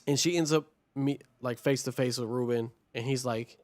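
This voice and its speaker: A man's voice: mid-range voice, fairly even intonation, moderate pace, a little mellow, dry recording. Man, podcast co-host, casual movie recap, rambling and profane, dry close sound. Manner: rambling, heavy on "like", profane, acts out quotes.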